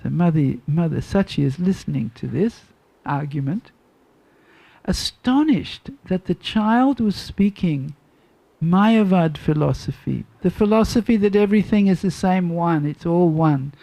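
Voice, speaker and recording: An older woman tells a devotional story at an unhurried pace. Her voice is soft and mellow, and she circles back over her phrases to let each point land. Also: fairly low pitch, animated, creaky. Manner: slow, deliberate storytelling with repeated phrases. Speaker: devotional class speaker. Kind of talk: storytelling sermon.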